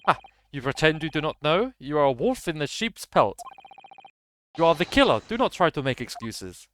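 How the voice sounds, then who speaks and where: A man reading a game aloud as a stern, threatening ship officer, speaking slowly in a mock-menacing way. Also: mid-range voice, lively intonation, fairly bright tone, slight background noise, natural voice.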